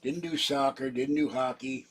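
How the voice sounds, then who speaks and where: A man's voice: mid-range voice, steady tone, normal speed, husky. An older man rambling in a casual livestream from his home computer, wandering between stories with a self-mocking manner. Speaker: livestream host.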